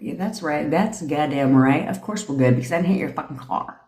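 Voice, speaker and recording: A woman in her forties, with a lowish voice, rants through a story for her livestream. She swears freely, talks bluntly and laughs often. Her voice carries a roomy echo. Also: lively intonation, a little fast, a little mellow. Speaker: manifestation coach. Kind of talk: casual storytelling rant on a livestream.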